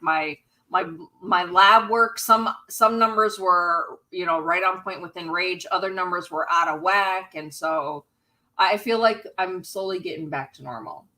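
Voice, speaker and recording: A woman's voice: on the low side, pushed and bright, rough recording. A woman co-hosting a casual livestream chat, talking freely, laughing often and thanking viewers for donations. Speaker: YouTube channel co-host.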